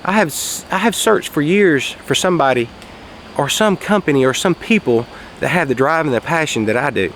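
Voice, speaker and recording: Man, folksy casual storyteller, gravelly, outdoors with faint street noise. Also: on the high side, animated, moderate pace. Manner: folksy, raises his voice for quoted shouts. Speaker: vlogger telling a story. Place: outdoors, quiet spot near traffic.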